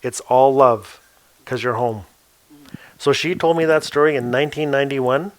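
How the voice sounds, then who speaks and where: A man's voice: medium pitch, normal speed. A man telling a story to a live audience on an author panel, acting out the people in it. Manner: animated, acts out the people in his stories.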